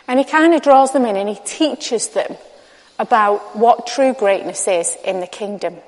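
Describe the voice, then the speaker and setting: A woman's voice: fairly high pitch, expressive, a little slow. A woman giving a candid, conversational sermon and acting out bits of dialogue. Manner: candid, chatty, acts out dialogue. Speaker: preacher. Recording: long reverb of a large hall.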